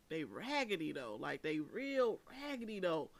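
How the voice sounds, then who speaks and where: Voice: medium pitch, big pitch swings. Chatty laughing recap host. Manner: chatty, laughing, drawn-out asides, calls listeners honey. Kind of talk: casual reality TV commentary.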